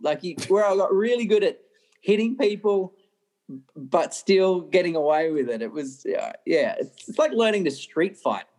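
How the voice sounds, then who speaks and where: An Australian man, a racing driver, telling animated stories in an interview, often laughing and restarting his sentences. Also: sits high, moderate pace. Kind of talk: interview storytelling.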